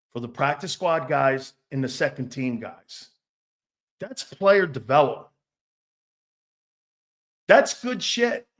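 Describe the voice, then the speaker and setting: A man with a high voice and an unhurried, drawn-out delivery hosts a loose sports talk show. He is rowdy and jokey, rambles from one point to the next, and breaks into laughter often. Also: fairly bright tone.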